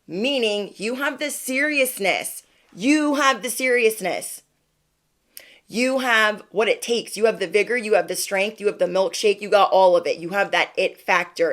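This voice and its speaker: A woman's voice: mid-range voice, fairly bright tone. Chatty, encouraging woman tarot reader. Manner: chatty, playful, keeps asking "okay?"; encouraging, speaks straight to viewers. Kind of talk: livestream card reading.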